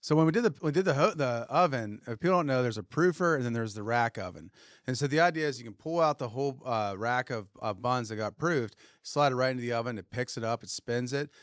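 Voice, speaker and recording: Animated male storyteller, dry sound. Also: medium pitch, fast, no room sound. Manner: animated storyteller acting out quotes. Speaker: podcast co-host, retailer. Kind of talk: casual storytelling chat.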